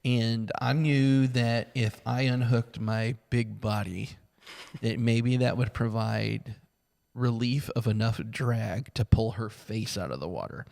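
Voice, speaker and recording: Gravelly man with dry humor. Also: mid-range voice, takes it slowly, a little mellow. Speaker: podcast co-host. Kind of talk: casual storytelling chat. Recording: long reverb.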